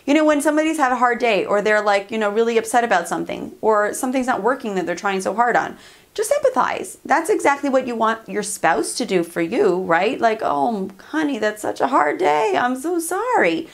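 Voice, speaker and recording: A woman's voice: on the high side, sing-song, brisk. A woman hosting a parenting channel, giving casual advice to camera in a chatty, upbeat way, often laughing and acting out what to say. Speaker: parenting coach and channel host.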